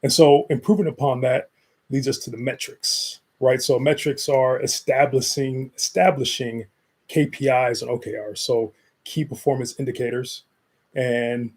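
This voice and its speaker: Husky-voiced man explaining with many restarts. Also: mid-range voice, steady tone, moderate pace, a little mellow. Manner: explanatory, repeats words, many fillers. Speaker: co-host. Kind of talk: casual podcast chat.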